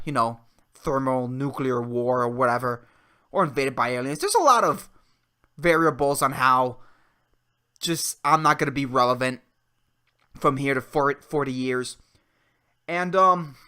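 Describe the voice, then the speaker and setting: A man in his twenties hosting a solo podcast, ranting in a profane, excitable way and peppering his talk with "dude" and "man". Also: fairly high pitch. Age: 20s. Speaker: podcast host. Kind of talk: solo comedic rant.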